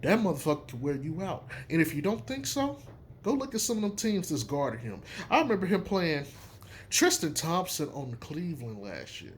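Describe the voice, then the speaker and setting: Animated, emphatic man talking basketball. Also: high voice, moderate pace, slight background noise. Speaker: sports commentator. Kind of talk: casual sports opinion talk.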